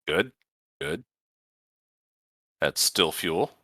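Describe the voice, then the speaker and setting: A man's voice: deep voice, expressive, pushed and bright, no echo, clean studio sound. A man chatting casually and joking while playing a space game with friends. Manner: joking, quick to laugh. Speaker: gaming commentator. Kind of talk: casual gaming chat.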